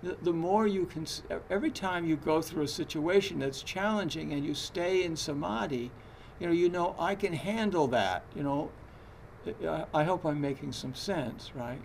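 A man's voice: a little high, moderate pace, creaky, a little hiss or hum. A man giving a Zen dharma talk in a conversational, hesitant way, with frequent fillers and restarts. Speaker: Zen teacher.

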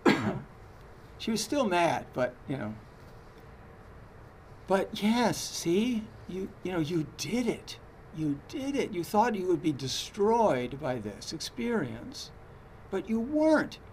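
A man's voice: high voice, big pitch swings, takes it slowly, darkish tone, slight background noise. A man giving a Zen dharma talk in a conversational, hesitant way, with frequent fillers and restarts. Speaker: Zen teacher.

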